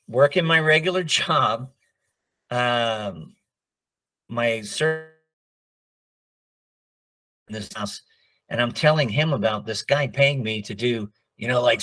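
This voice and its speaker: Brief: middle-aged male voice actor, unhurried, mid-pitched, spins anecdotes and performs the quotes. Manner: animated, acts out quoted dialogue. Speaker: voice actor guest. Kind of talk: casual interview storytelling.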